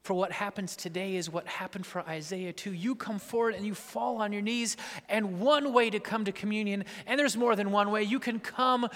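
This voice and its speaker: A man preaching a sermon with great drama, dropping to hushed whispers and rising to shouts. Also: high voice, fairly even intonation, normal speed. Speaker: pastor. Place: church sanctuary. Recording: long church reverb.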